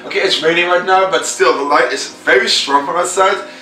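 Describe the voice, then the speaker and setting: A man rambling casually through a toy unboxing vlog, chatty and self-mocking, his voice a little hoarse. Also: high-pitched, brisk, sharp tone, soft background music. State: slightly hoarse voice. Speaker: vlogger reviewing a toy. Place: room indoors. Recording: echoey room, mic at a distance.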